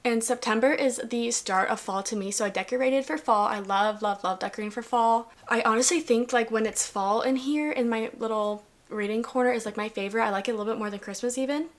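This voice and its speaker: A woman's voice: on the high side, brisk, few pauses. A young woman in her twenties recapping her year in a casual, chatty vlog, upbeat and full of "like" fillers. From US South. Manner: bubbly, upbeat, lots of "like" fillers. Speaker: lifestyle vlogger.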